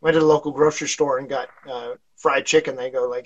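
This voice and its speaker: A man's voice: mid-range voice, fairly even intonation, quick pace, hardly any pauses, crowd noise, poor audio. A man being interviewed on a casual podcast, telling stories in a rambling way with lots of fillers and chuckles. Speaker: podcast guest, fire instructor.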